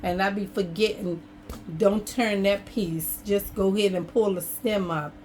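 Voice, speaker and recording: A woman's voice: medium pitch, steady tone, a little slow, a little mellow, slight background noise. A woman in casual chat at her home craft table, talking to her viewers in a folksy, chatty way. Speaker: craft vlogger. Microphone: camera on an over-table tripod.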